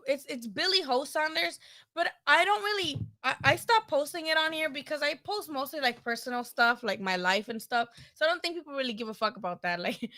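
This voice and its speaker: A young woman talks through boxing news on her live stream in a loose, unscripted way. Her voice is bright and sits a bit high, and she swears casually and trails off into fillers and restarts. It sounds like relaxed chat from home. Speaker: boxing livestream host.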